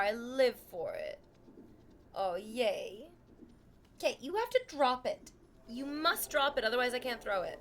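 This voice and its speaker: A woman's voice: a little high, sing-song, unhurried, long pauses, a little hiss or hum. Sarcastic, playful woman streamer. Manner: sarcastic, swearing, playful teasing. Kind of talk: casual chat with stream viewers. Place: home.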